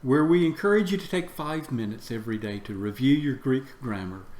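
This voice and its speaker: A man teaching Greek vocabulary in a slow lesson. He repeats each word for drill and fills pauses with "uh". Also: mid-range voice, darkish tone. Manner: slow, repeats words for drill, many "uh" fillers. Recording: echoey room with faint background noise.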